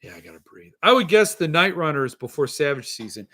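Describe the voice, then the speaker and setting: Animated bright-voiced male podcast host. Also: a little high, brisk. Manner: ranting, exasperated, animated. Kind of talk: casual solo podcast reading chat comments.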